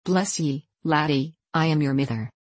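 A woman voices a motherly older Scottish farm wife, slow and heartfelt in broad dialect. Her voice sits low and close, with no room around it. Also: husky, no echo. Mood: tender.

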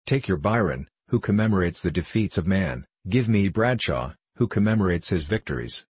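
A man's voice: low voice, lively intonation, moderate pace, husky, no room sound. A man voicing a passionate young male poet in an audiobook reading, speaking in a declamatory way. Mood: declaiming. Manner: impassioned, declamatory.

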